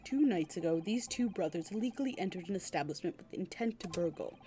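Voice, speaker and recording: A woman voicing a composed male prosecutor, measured and precise. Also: lowish voice, lively intonation, dark tone, slight background noise, voice pushed down, lightly acted.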